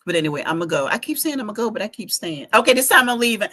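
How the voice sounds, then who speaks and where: A woman's voice: mid-range voice, sing-song, brisk, a bit bright, breathy edge. A middle-aged woman, chatting animatedly to viewers in a casual livestream from her home basement, speaking into a phone. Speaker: fashion week organizer giving a live update.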